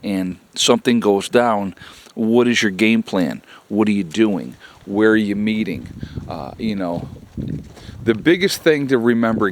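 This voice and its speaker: A man with a fairly low voice talks through his advice in a loose, rambling vlog style. He leans on fillers and keeps circling back to his key points with earnest repetition. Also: slight background noise. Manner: rambling, filler-heavy, conversational. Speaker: prepping vlogger.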